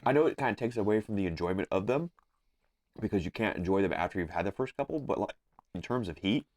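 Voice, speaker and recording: A man's voice: fairly low pitch, fast talker. A man co-hosting a podcast, trading jokes in casual chat. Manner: joking, animated banter. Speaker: podcast co-host.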